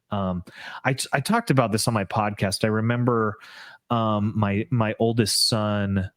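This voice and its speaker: A man's voice: on the low side, unhurried, dry recording, clean studio sound. A man hosting a faith podcast, talking in an earnest, rambling way with many fillers. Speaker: podcast host. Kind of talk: casual interview chat.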